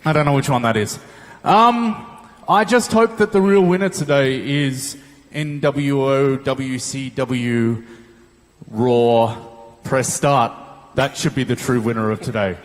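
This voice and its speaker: A man's voice: mid-range voice, slow pace. A man giving an awkward, self-deprecating stage introduction at a convention. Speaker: guest contestant. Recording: long hall reverb, faint noise.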